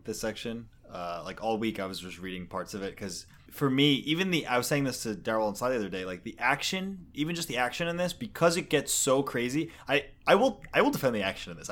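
A man's voice: medium pitch, big pitch swings, fast talker, hardly any pauses, fairly bright tone. Man in easygoing podcast chat. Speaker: podcast co-host. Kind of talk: casual chat.

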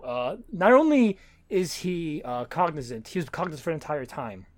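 A man in casual conversation about a comic, talking excitedly with frequent stammers and restarts. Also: fairly high pitch, normal speed. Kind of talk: casual comic-book discussion.

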